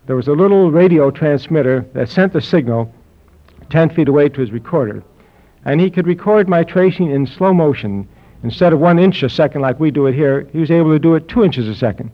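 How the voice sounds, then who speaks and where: An older man tells a live audience a personal story about his health, dry, wry, and anecdotal. His voice is fairly high with lively intonation and a slightly fast pace. The recording is dull and lo-fi, with audience laughter.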